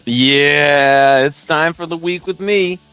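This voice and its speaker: A man's voice: a little high, takes it slowly, pushed and bright, clean tone, dry recording, highs cut off, soft background music. A man hosting his own podcast, telling stories in a rambling, casual way and chuckling often. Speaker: podcast host. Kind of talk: casual live-stream storytelling.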